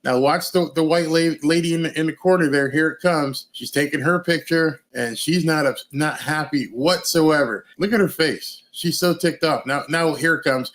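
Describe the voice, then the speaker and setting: A man's voice: on the high side, normal speed, few pauses, fairly bright tone. A man hosting political commentary, reacting emphatically to a video and asking rhetorical questions. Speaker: news commentary host.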